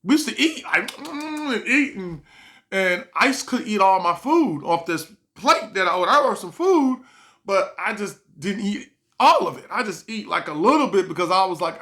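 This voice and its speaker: A man's voice: high-pitched, animated, moderate pace, pushed and bright. A middle-aged man talking casually to the camera, telling stories from his life, laughing often and acting out what people said. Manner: laughs often, acts out quotes. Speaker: vlogger. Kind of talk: casual storytelling monologue.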